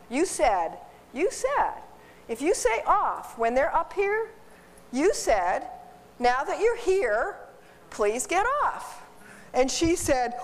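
A woman instructor teaching dog behavior to a live class in an animated, joking way, quizzing the class as she goes. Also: high-pitched. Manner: animated, jokey, asks the class questions. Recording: roomy hall from a distance.

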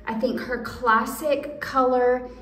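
A woman's voice: sits high, steady tone, slow pace, a bit bright, far from the mic. Gushing woman, echoey room. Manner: gushing, chatty, addresses viewers as y'all. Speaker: clothing try-on host. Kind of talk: casual product try-on video. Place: room indoors.

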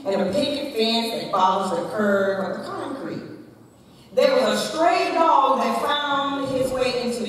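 A woman giving a women's day sermon in a church, preaching dramatically and emphatically and telling a family story. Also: fairly high pitch. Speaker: church speaker. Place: church sanctuary. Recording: echoey church hall from far off.

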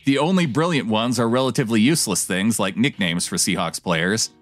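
A man's voice: lowish voice, fairly quick, no room sound, soft background music. A man co-hosting a podcast, reading a listener's email with playful, theatrical delivery, then chatting casually. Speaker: podcast co-host.

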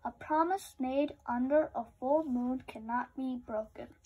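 A woman voicing a gentle, loyal old female dog in a storybook read-aloud. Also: sits high, measured pace, slightly rough, muffled recording. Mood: tender.

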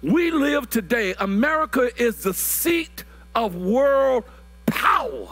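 A man, preaching a sermon that builds to shouted, drawn-out phrases, often repeating words. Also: extremely high pitch, big pitch swings. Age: 60s.

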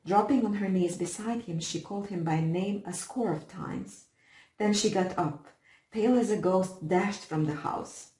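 A woman reading a short story aloud as audiobook narrator, steady and measured. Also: mid-range voice, reverberant, rough recording. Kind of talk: scripted narration.

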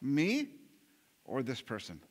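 A man's voice: mid-range voice, huge pitch swings, takes it slowly. A male pastor preaching a sermon in an earnest way, often repeating words and restarting, and putting rhetorical questions to the congregation.

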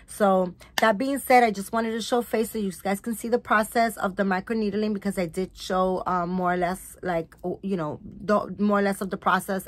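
A woman vlogging at home as she unboxes a gift, gushing and filling her talk with "like" and "um.". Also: lowish voice. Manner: gushing, full of "like" and "um" fillers. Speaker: doll channel vlogger. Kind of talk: casual unboxing vlog. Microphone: phone or camera set nearby.

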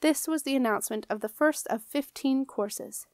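A woman narrating a children's fantasy audiobook in a measured, expressive storytelling manner. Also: sits high, dry recording. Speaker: audiobook reader.

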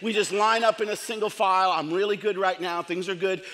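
High-voiced, bright middle-aged male pastor. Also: brisk, big-room sound. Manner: storytelling, comic, animated, acts out quotes. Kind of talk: sermon. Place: large church hall.

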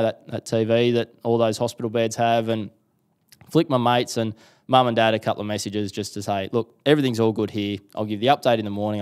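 This young Australian man has a smooth, mid-range voice. Appearing as a guest in a casual interview, he animatedly tells a personal story and acts out people's words.

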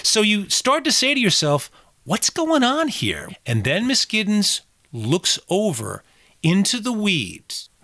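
A man's voice: high-pitched, dry recording, studio quality. A man co-hosting a film podcast, talking casually and acting out quotes from scenes. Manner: animated, acts out quotes and reads poetry slowly and darkly. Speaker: podcast co-host.

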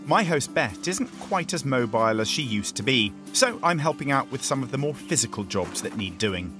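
A man's voice: mid-range voice, big pitch swings, moderate pace. A man presenting a travel documentary, narrating and interviewing outdoors in the bush with an encouraging manner. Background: background music.

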